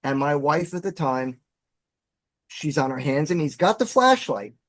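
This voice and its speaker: A man telling a story as a podcast guest, animated and dramatic in his delivery. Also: a little high, a little slow, no room sound. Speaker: podcast guest, former bassist. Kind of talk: storytelling in casual chat.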